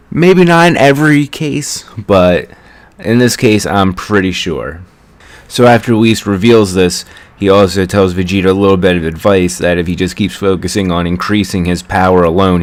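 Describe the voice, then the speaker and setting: A young man with a very deep, low-pitched voice talks through a casual episode recap. He rambles in a chatty way and often stops to correct himself. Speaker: anime reviewer.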